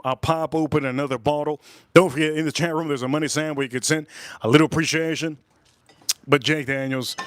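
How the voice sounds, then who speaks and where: A man's voice: medium pitch, dry recording, clean studio sound. A middle-aged man from Miami with a Miami accent, chatting casually on a livestream as he reviews whiskey, rambling and repeating his phrases. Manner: rambling, repetitive, drawn-out phrases.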